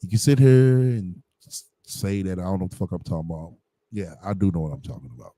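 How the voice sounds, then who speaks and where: A man runs a livestream commentary, blunt and combative, with plenty of profanity and slang fillers. His voice sits low with a warm, dark tone, recorded dry with no room around it. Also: fast talker, no echo. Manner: blunt, combative, heavy on slang and "you know what I'm saying".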